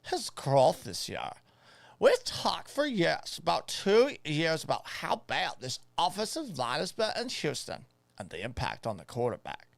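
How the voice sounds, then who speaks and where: A man voicing an excitable male football pundit in a jokey put-on Boston accent, brash and emphatic. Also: fairly high pitch, unhurried, gravelly, dry recording, full character voice. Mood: hyped.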